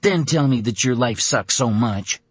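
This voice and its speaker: A man reading an audiobook, voicing a fierce blunt woman who survived a hard injury and lashes out in rapid scolding. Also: on the high side, lively intonation, darkish tone, slightly rough, dry recording, faint music behind, voice pushed up. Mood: furious. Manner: mocking then furious, rapid scolding. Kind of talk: audiobook character voice.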